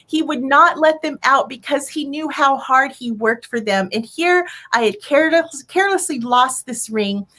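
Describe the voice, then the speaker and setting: Woman storyteller from Arizona, high voice, earnest, heartfelt personal tale. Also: fairly bright tone. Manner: earnest, heartfelt, acts out her own quoted thoughts.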